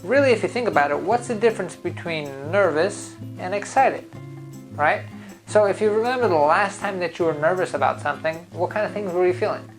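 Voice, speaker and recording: A man's voice: sits high, animated, fairly quick, soft background music, low-quality recording. A man who founded a driving school gives an upbeat, coaching talk straight to his viewers. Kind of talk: motivational talk to camera.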